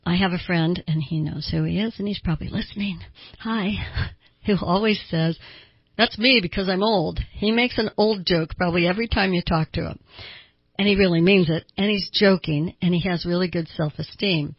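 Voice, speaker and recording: Chatty husky woman on talk radio. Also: lowish voice, moderate pace, dry recording, lo-fi sound. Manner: chatty, explanatory, acts out quotes with a raised voice. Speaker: radio talk host and counselor. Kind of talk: conversational talk radio monologue.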